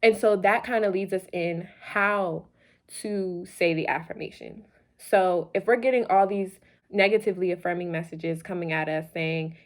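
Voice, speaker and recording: A woman's voice: mid-range voice, normal speed. Playful, preachy young woman vlogger. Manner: playful, preachy, repeats phrases for emphasis. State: a little loopy late at night. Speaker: vlog host. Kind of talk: motivational talk to camera.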